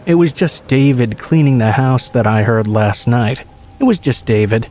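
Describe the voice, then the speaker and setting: A man's voice: medium pitch, animated, moderate pace, darkish tone, slight background noise, natural voice. A man voicing a dazed, grieving elderly mother who talks with eerie cheer and snaps when touched. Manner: cheerful yet eerie, then snapping.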